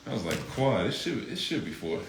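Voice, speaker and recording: A man in casual live-stream chat, joking and animated as he runs a quiz game. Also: lowish voice, a little fast. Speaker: vlogger co-host, quiz asker. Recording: echoey room with faint noise.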